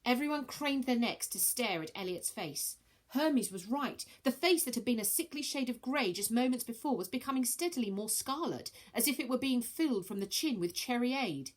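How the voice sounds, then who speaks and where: Teacher lady reading a kids book out loud, voice bouncing all over, lots of voices for the characters. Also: fairly high pitch, lively intonation, normal speed. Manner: many character voices, shouts and whispers. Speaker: teacher reading a children's novel aloud. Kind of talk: expressive storybook read-aloud.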